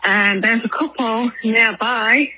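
A woman's voice: a little high, slow pace, bright, forceful tone, slight background noise, poor audio. A woman from England leaving a rambling phone voicemail for a podcast while out of breath from walking her dog. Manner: rambling, lots of ums and likes. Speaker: caller.

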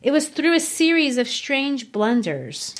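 A woman reading the part of a spirited young gentlewoman from a novel, in a poised, earnest manner. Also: sits high, big pitch swings, a little slow, pitched above the performer's own voice. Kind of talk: reading a novel's dialogue aloud.

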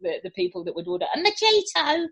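A woman's voice: high voice, big pitch swings, a bit bright. A woman hosting a chat show, swearing and laughing as she trades stories. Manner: swears freely, laughs often, quick to take over. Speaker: show host. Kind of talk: casual banter on air.

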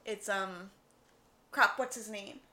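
A woman with a medium-pitched voice takes her time as she co-hosts a laid-back podcast chat. She narrates stories with animation, impersonating the voices of the people she quotes.

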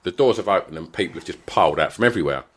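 A man's voice: sits low, rapid-fire, breathy edge. A middle-aged man telling a story in casual chat, swearing freely and acting out what people said. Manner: animated, swears freely, acts out quotes.

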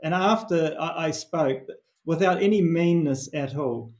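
A man's voice: fairly high pitch, unhurried. A middle-aged man with a New Zealand accent, a performance coach telling stories in an earnest, reflective interview answer with frequent restarts.

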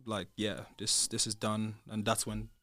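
A man's voice: lowish voice, measured pace, no echo. A young man with a British accent, a podcast guest casually retelling events and acting out the conversations with rising emphasis. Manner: animated retelling, acts out quoted dialogue, rising loud when heated. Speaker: podcast guest, former reality show contestant. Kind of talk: casual storytelling chat.

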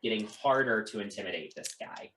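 A woman's voice: rumbling low, a little fast, noisy background. A woman running a tabletop game as game master, giving rulings with frequent ums and uhs. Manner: hesitant, ruling on actions.

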